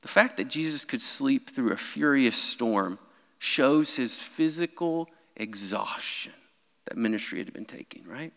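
A young man preaching a sermon in a church, animated, with his voice rising whenever he quotes someone crying out. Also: mid-range voice, a little slow, creaky. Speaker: pastor. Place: church sanctuary. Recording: long hall reverb.

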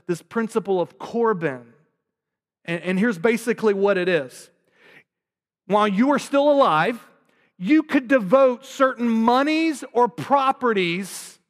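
A man's voice: very high voice, long reverb tail. A man in his thirties preaching a sermon, earnest and asking rhetorical questions. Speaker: pastor.

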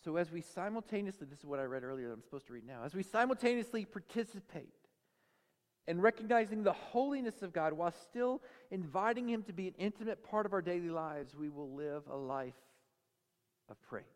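A man preaching a sermon as pastor, telling stories in an animated way and acting out the voices of the people in them. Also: sits high, a little fast, big-room sound. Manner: animated storytelling, acts out quoted voices. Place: church sanctuary.

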